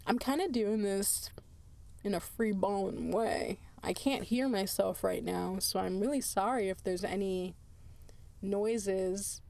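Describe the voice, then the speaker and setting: Slow-talking tired woman podcast host. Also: mid-range voice, gravelly, a little mellow. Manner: chatty, laughs often, drifts into asides. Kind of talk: casual solo podcast chat.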